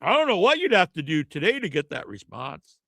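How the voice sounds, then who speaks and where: A man's voice: fairly high pitch, huge pitch swings, a little fast, vocal fry, pushed and bright, dry recording. A man hosting a podcast, ranting in a casual, rambling and profane way. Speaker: podcast host. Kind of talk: casual rant.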